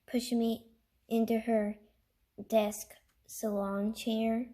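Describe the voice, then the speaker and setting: A woman reading a book aloud in a halting way, stumbling, restarting and breaking off to chat. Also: fairly high pitch, level tone, warm tone. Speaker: reader.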